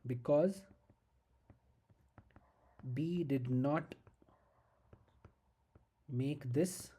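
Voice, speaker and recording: Husky, very dark-voiced law lecturer. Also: mid-range voice. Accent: Indian English. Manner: slow, emphatic, repeats key questions and asks "okay?". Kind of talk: exam-prep lecture.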